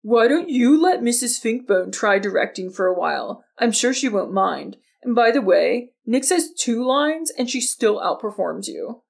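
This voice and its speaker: A woman voicing a bold, clever teenage boy in an audiobook story, speaking in a calm, self-assured and cutting way, with a gravelly edge to her voice. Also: fairly high pitch, measured pace, few pauses, exaggerated voice. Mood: defiant.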